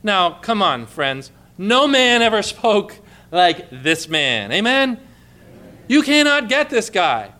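Bright high-voiced male preacher. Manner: emphatic, repeats phrases for effect, drops to a hush for quoted lines. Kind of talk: sermon.

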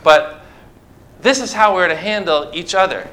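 A man's voice: high-pitched, moderate pace, pushed and bright, slight background noise. A man preaching a sermon to a congregation, asking rhetorical questions and talking them through simple object lessons. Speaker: pastor. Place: church before a congregation.

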